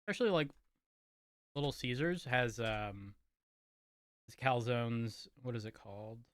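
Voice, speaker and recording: A man's voice: mid-range voice, unhurried, no room sound. Casual male streamer, loose self-correcting chatter, dead-dry close-mic sound. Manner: rambling, self-correcting, talks while eating. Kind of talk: casual chat while gaming.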